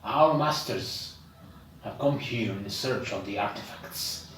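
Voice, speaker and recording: A man's voice: on the low side, a bit bright, slight background noise, pitched below the performer's own voice. A man doing a proud, solemn little dragon. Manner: slow, solemn, dignified. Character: proud dragon-like male familiar leader. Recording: echoey room, mic far off.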